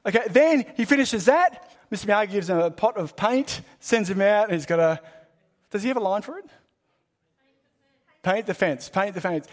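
High-voiced preacher, emphatic. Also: male voice, expressive, a little fast. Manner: emphatic, with swings between loud and hushed; repeats phrases for rhythm and emphasis. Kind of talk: sermon.

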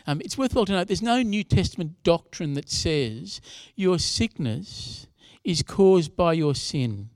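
A man's voice: on the high side, animated, unhurried, a little mellow, dry recording. A younger man preaching a sermon in a conversational way, with asides to the congregation. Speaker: pastor.

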